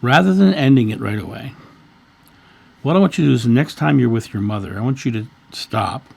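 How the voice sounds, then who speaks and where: A man's voice: mid-range voice, lively intonation, fairly quick, creaky, a little mellow, slightly rough. A man in his fifties, a channel host, earnestly telling a story in a casual monologue and often repeating words. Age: 50s.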